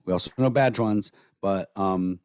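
Hoarse dude rambling on a podcast, swears a lot, kinda low voice, dry close mic. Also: male voice, normal speed, a little mellow, dry recording. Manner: rambling, profane, blunt. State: hoarse from days of talking. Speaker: podcast co-host. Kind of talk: casual podcast chat.

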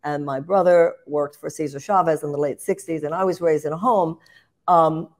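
A woman's voice: deep voice, brisk, a little mellow. An older woman speaking as a political guest. She talks with impassioned emphasis, often restarting phrases and rising in bursts.

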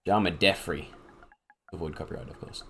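A man's voice: sits low, fairly even intonation, normal speed, a bit bright, soft background music. A young man giving casual let's-play commentary at home. He gets hyped, swears freely and talks to himself and his game creatures. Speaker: gaming YouTuber and streamer.

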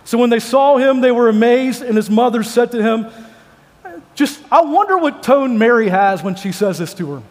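Male preacher, high-pitched, chatty and joking, big reverberant sanctuary. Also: lively intonation, normal speed, a little mellow. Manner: joking, conversational storytelling. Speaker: pastor. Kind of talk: sermon. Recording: long hall reverb.

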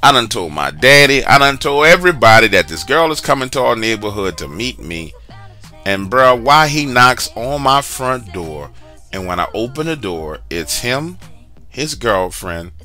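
A man's voice: medium pitch, big pitch swings, a little slow, bright, forceful tone, faint music behind. A man casually telling a personal story, chatty and slangy, with asides to the listener. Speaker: storyteller sharing a true story.

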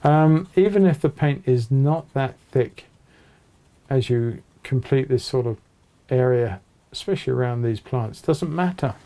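A man narrating an oil painting tutorial from his small home studio, chatting in a relaxed way while he paints at his easel. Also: mid-range voice, a little slow. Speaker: painting teacher.

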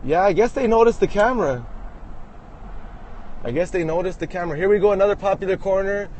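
A man's voice: high voice, fairly quick, a little mellow, slight background noise. Rambling joking man filming from his truck. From Los Angeles area. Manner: joking, crude, rambling with restarts. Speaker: vlogger filming while driving. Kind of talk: rambling self-filmed commentary. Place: inside a truck, driving.

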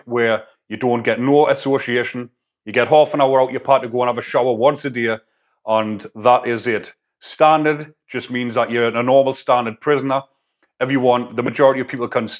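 A man, a former prisoner, giving a blunt, casual opinion monologue full of prison slang. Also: mid-range voice. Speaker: YouTube commentator, former prisoner.

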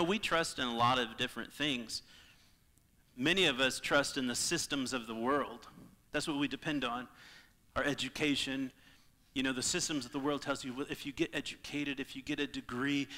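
A man preaching a sermon as pastor, impassioned, swinging between loud appeals and hushed moments. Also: mid-range voice, in a large hall. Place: church sanctuary.

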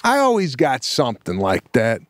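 A man's voice: mid-range voice, huge pitch swings, no echo. A man co-hosting a podcast in casual chat, telling stories emphatically and checking in with "right?". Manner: emphatic, drawn-out storytelling with frequent "right?". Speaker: podcast co-host.

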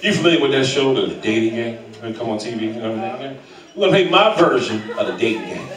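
A man hosting a comedy show, teasing audience volunteers with loud, profane banter from a club stage. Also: medium pitch, animated, quick pace. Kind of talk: stand-up crowd work. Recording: echoey club, mic from far, loud crowd.

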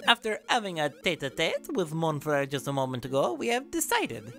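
A woman's voice: deep voice, big pitch swings, normal speed, faint music behind. A woman doing a pompous fake-French craftsman. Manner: flowery, theatrical. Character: pompous French-accented brother craftsmen, male.

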